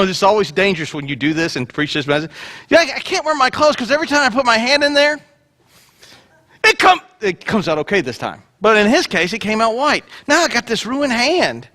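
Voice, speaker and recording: A man's voice: extremely high pitch, big pitch swings, fairly quick, pushed and bright. A man preaching a sermon as a pastor, playful and joking as he retells a Bible story.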